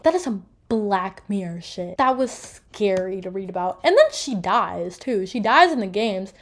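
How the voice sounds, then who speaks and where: A young woman talking casually about a book she read, animated and full of filler words. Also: medium pitch. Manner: animated, gushing, many filler "like"s. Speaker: book reviewer. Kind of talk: casual book review chat.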